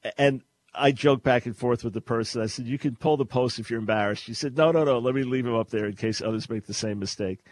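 A man's voice: medium pitch, fast talker. An older man from New York with a New York accent, hosting a talk radio show in a casual, sarcastic way and laughing often. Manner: sarcastic, laughs often while telling a story.

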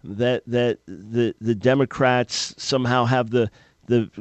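A man hosting a call-in radio talk show, speaking in an earnest, measured way. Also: mid-range voice, steady tone, no room sound. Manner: earnest, measured, thinking aloud.

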